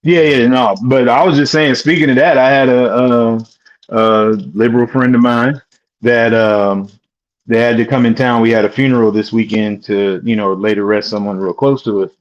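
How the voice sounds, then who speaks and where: A man's voice: medium pitch, fairly even intonation, moderate pace, lo-fi sound. A man on a political talk stream, telling stories with restarts and quoting back conversations. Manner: storytelling with restarts, quoting others.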